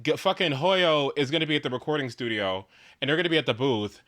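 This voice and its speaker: A young man live-streaming a video game in casual chat, swearing often and swinging from mumbles to shouts. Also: a little high, quick pace.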